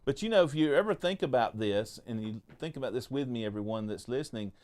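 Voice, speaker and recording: A man's voice: medium pitch, animated, fast talker, a little mellow. A man hosting a faith podcast, chatting casually and telling jokey, folksy stories with frequent restarts. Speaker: podcast host.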